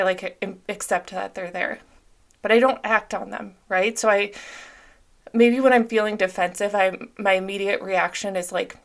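A young woman hosting a solo podcast, talking openly and reflectively in a casual way, with lots of "like" fillers. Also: medium pitch. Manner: open, reflective, frequent "like" fillers. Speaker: podcast host.

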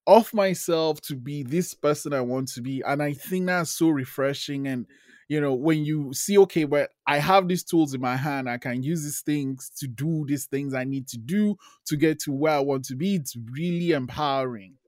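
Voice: mid-range voice, moderate pace, a little mellow, no room sound, clean studio sound. An interviewer responding enthusiastically and reflectively to a guest in a conversational interview.

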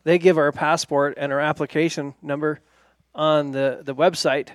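A man speaking as a guest in a casual talk show, matter-of-fact and relaxed. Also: fairly high pitch, moderate pace, no room sound, studio quality. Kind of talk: casual chat.

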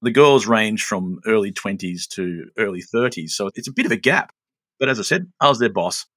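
An Australian man in his late forties telling stories in a relaxed, self-mocking way as a guest. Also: fairly low pitch, normal speed, no echo. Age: 40s. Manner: chatty, self-mocking storyteller. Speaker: guest, show creator. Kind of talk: casual interview chat.

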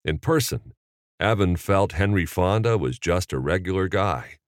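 A man narrating an audiobook chapter in a measured, expressive reading. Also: sits low, no room sound, studio quality. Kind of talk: scripted narration.

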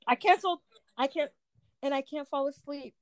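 Higher-voiced young woman, hesitant. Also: moderate pace, no room sound. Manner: searching, hesitant, full of restarts. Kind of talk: casual chat.

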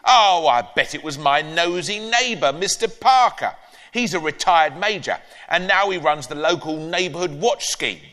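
A man doing a shrill, bossy old granny. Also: moderate pace. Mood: gossipy. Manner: loud, shrill and animated. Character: cheeky old grandmother, brash and bossy. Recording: echoey live hall.

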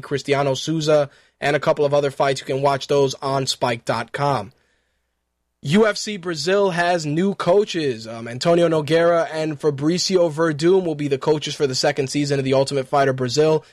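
A man hosts an internet radio talk show in a casual, chatty style, swearing loosely and running through a series of fight news. His voice is on the high side, recorded with clean studio sound and no echo.

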